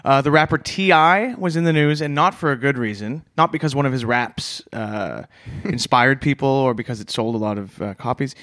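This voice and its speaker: A man's voice: mid-range voice, moderate pace, a bit bright, no echo, studio quality. A man co-hosting a comedy podcast, telling absurd stories with a straight face. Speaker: podcast co-host.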